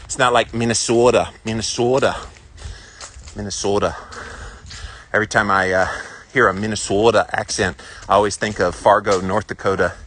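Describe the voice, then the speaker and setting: A man's voice: lowish voice, steady tone, fairly quick, a bit bright, a little hiss or hum. A man in his forties with a Southern US accent, chatting casually with viewers while out walking a hilly trail. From South Carolina, US. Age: 40s. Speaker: vlogger answering live viewer comments. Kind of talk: casual walk-and-talk chat.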